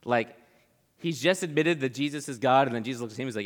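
A young man preaches a casual Bible talk, chatty and conversational and saying "like" a lot. His voice is mid-range and fast, and the long reverb of a large hall surrounds it.

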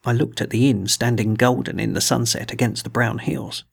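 A man narrating a novel in an audiobook with a measured storytelling delivery. His voice is gravelly, with a husky edge, at a middle pitch. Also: fairly even intonation.

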